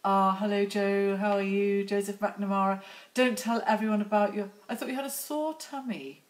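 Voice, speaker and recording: A woman's voice: medium pitch, steady tone, moderate pace. A middle-aged woman hosting a casual live stream outdoors on her phone, chatty and teasing as she greets viewers by name. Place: outdoors near lambs.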